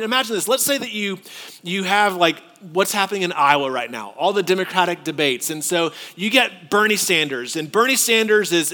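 High-voiced pastor preaching in a hall. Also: male voice. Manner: animated, conversational preaching with rhetorical asides. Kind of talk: sermon.

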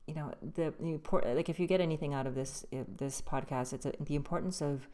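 Low, mellow-voiced woman podcast host. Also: steady tone, fairly quick. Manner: loose, rambling, frequent restarts. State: slightly losing her voice. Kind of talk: solo casual storytelling.

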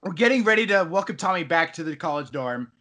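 A man's voice: a little high, animated, fast talker, bright, forceful tone. A man in casual chat, animatedly retelling a video game story and laughing as he goes.

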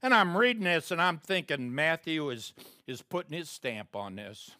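A male pastor delivering a sermon in animated storytelling fashion, his pitch leaping widely as he moves between hushed asides and loud, emphatic peaks. His voice is bright and forward. The recording is dry and close, with no room sound. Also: moderate pace, hardly any pauses, no echo. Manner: animated storytelling with acted-out quotes.

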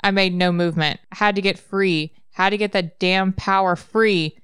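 Smooth-voiced woman reading a novel aloud. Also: lowish voice, fairly even intonation, normal speed, hardly any pauses, a bit bright, no room sound, clean studio sound. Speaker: reader.

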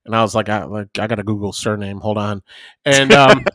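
A man's voice: lowish voice, fairly quick, a bit bright, no echo, clean studio sound. A man co-hosting a casual podcast, rambling through stories and swearing freely, acting out other people's lines. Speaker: podcast co-host. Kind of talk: casual chat.

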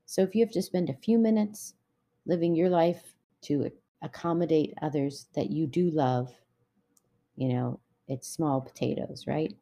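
Mellow-voiced woman giving a chatty devotional talk. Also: low-pitched, unhurried. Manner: conversational, full of personal anecdotes. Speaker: Christian relationship speaker.

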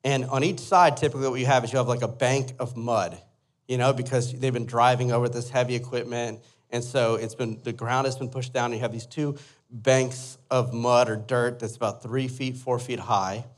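A young adult man, a pastor, telling a lively personal story in a sermon and asking the listeners to imagine along with him. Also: mid-range voice, normal speed. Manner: animated storyteller, asks the audience to imagine.

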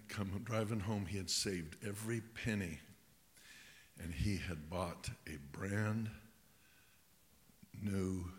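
A man's voice: sits low, fairly bright tone. A man preaching a sermon, telling a story with dramatic repetition, swelling and dropping to whispers. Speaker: bishop preaching. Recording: echoey hall, faint hiss.

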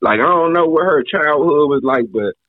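A man's voice: fairly high pitch, expressive, moderate pace, dry recording, phone-quality sound. A man chatting casually on a podcast, blunt and laid-back, with heavy slang. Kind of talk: casual chat.

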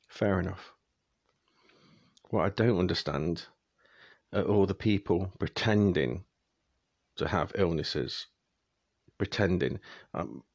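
Gravelly-voiced man ranting. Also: deep voice, darkish tone, no room sound. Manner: exasperated, ranting, speeds up when annoyed. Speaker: vlogger. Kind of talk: casual ranting monologue.

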